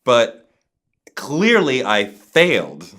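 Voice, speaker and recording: Recounting a story as an interview guest, a man speaks with lots of rise and fall, his pitch swooping wildly around a middle range for a man. He is emphatic, extremely slow and a bit bright, swearing casually and putting on other people's voices when quoting them.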